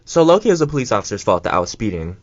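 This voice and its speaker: A young man co-hosts a radio show, talking very fast and very animatedly in a fairly low voice. He rambles through a story casually, full of fillers and asides. The dull lo-fi college radio mic picks up no room sound.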